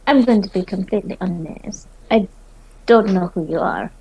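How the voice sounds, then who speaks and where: A woman's voice: mid-range voice, normal speed, mellow, slightly rough, low-quality recording. A woman playing a tabletop game, describing her character's actions playfully. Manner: playful, slips into character voices. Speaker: player.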